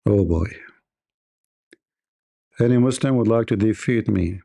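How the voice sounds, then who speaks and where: A man's voice: lowish voice, unhurried, creaky, warm tone. A man hosting a live debate stream, talking in a sarcastic, taunting way. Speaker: debate livestream host. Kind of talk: mocking live-stream monologue.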